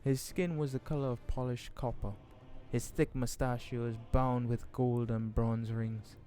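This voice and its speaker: Relaxed man reading a novel aloud. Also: medium pitch, unhurried, soft background music. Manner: relaxed, stumbles over words and jokes about them. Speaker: audiobook reader. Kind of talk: casual audiobook reading with asides.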